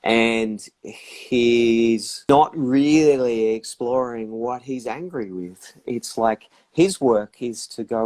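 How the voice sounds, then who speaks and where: A man's voice: mid-range voice, takes it slowly, few pauses, a little mellow. Man, reflective advice, acts out inner voices, live chat. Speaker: guest practitioner.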